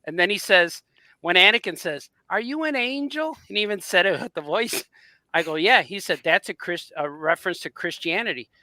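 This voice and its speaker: A man on a podcast telling a long story with animated energy, acting out both sides of a conversation. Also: sits high, brisk, no echo. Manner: animated storyteller, acts out quoted dialogue. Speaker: podcast host. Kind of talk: casual chat, storytelling.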